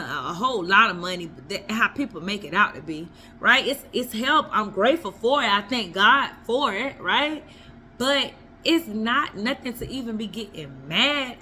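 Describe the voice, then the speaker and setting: A woman's voice: on the high side, bright, forceful tone, slight background noise. A woman vlogger giving blunt, emphatic relationship advice in a casual monologue. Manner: blunt, emphatic, repeats herself for effect.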